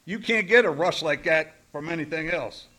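Middle-aged man, higher pitch, blunt, profane, rambling, recovery share. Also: normal speed, pushed and bright. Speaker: recovery meeting speaker.

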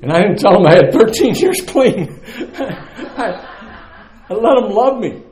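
A middle-aged man with a drawl speaks candidly and plainly, his voice sitting a little high for a man. He talks with earthy, conversational ease before a live audience. The sound is roomy, with echo from the hall around him. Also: big pitch swings, measured pace, crowd noise. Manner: candid, conversational, earthy, laughs through the story. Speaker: speaker sharing his story at a recovery meeting. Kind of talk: personal testimony to a live audience.

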